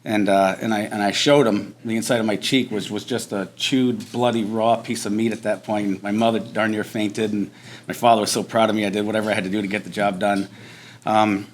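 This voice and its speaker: A veteran man giving a storytelling speech at a breakfast event, animated and conversational, mixing quick and slow phrasing. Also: fairly low pitch, a little hiss or hum. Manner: animated storyteller, acts out shouted drill instructor lines. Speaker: veteran speaker. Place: banquet hall at a veterans breakfast.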